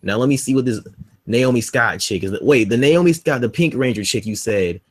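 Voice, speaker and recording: A man co-hosting a podcast in casual chat, loud and teasing, swearing often. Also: medium pitch, moderate pace, low-quality recording. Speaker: podcast co-host.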